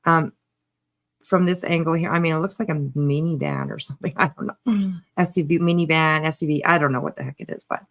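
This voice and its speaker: A woman's voice: sits low, a little fast. A woman doing casual live commentary on a clip, sarcastic and chatty, greeting her viewers. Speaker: commentary streamer.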